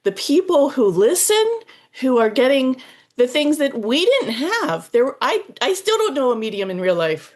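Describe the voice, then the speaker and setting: A woman guest speaking effusively in casual chat, heartfelt and quick to laugh. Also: high voice, very animated.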